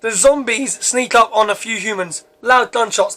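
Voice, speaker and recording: A man narrates a first read-through of his own script, stumbling and restarting often. His voice sits very high for a man. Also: normal speed, pushed and bright. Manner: plain reading with frequent stumbles and restarts.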